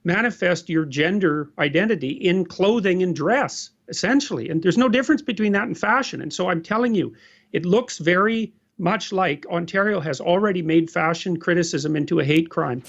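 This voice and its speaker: A man's voice: sits high, moderate pace, gravelly, dull audio. A man making commentary in an explanatory tone as he argues a point.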